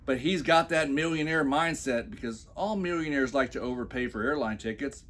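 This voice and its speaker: A man's voice: mid-range voice, moderate pace, fairly bright tone. A man giving mocking commentary on a post he reads aloud from his phone, with sarcastic, scornful asides. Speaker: commentary vlogger.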